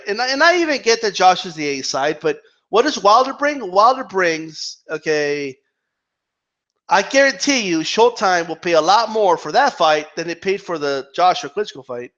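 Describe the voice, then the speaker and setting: A man's voice: high-pitched, a bit bright. A man giving heated, profane boxing commentary, arguing with imagined fans and stumbling over repeated words. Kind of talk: ranting vlog commentary. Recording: dull lo-fi sound.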